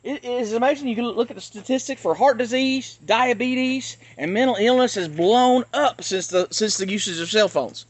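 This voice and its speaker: A man's voice: very high-pitched, normal speed, few pauses, no room sound. A man ranting bluntly to his channel, recording on a handheld phone outdoors near traffic. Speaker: channel host.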